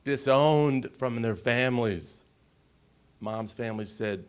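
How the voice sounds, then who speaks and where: A man in his forties from the United States, giving an emotional personal story on a conference panel and often pausing to check in with the audience. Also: medium pitch. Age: 40s. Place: conference stage.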